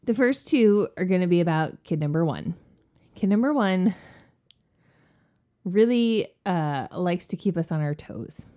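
A woman in her thirties, a podcast cohost, chatting casually and telling stories in an animated way. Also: on the low side, unhurried, pauses often. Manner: animated storyteller. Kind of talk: casual chat.

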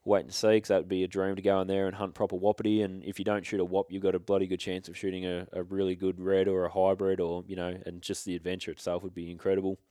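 A man's voice: low-pitched, monotone, fast talker, few pauses, dark tone, dry recording, studio quality. An Australian man chatting casually about his hunting trips, laid-back and rambling with slang and restarts. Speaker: hunting guest. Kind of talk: casual storytelling chat.

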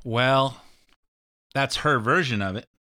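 A man's voice: mid-range voice, slow, sharp tone. A man hosting a talk show, rambling sarcastically through political commentary. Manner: rambling, sarcastic, mimics catchphrases.

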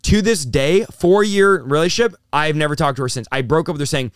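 A man's voice: a little high, clear, resonant tone, no room sound, clean studio sound. A man in his thirties, a pastor, telling his story in a casual interview with lots of "dude" and "bro.". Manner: fast, excitable, says "dude" and "bro" a lot. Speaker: pastor and preacher being interviewed.

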